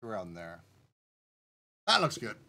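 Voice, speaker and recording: A man streaming live as a game developer, relaxed and thinking aloud as he talks himself through settings step by step and turns now and then to answer his chat. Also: on the low side, a little slow. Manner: addresses the chat directly.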